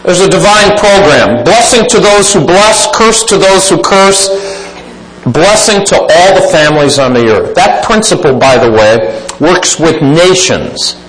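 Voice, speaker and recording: Male preacher, high lively voice, emphatic sermon delivery, roomy hall sound. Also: measured pace. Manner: emphatic, swings between loud exclaiming and quiet asides.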